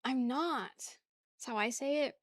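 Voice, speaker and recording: A woman's voice: sits high, slow, no room sound, studio quality. A young woman from the New area, chatting casually on a stream, rambling, laughing often and reading chat aloud. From New York area.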